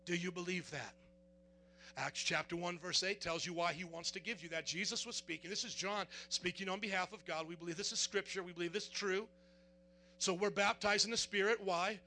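A man preaching a sermon as pastor, fervent, quizzing the congregation in call-and-response and building up to shouts. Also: high-pitched, fairly even intonation, fairly quick, slight background noise.

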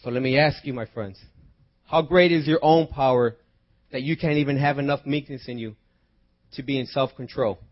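A man preaching a sermon, moving from quiet teaching into loud, impassioned prayer and exhortation. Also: mid-range voice, normal speed, muffled recording. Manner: breaks into spoken prayer.

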